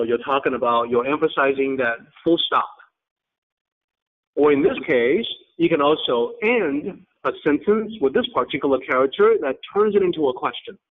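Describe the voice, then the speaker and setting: Patient male teacher over a tinny line. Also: fairly high pitch. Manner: patient, explanatory, halting phrases. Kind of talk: online class lecture.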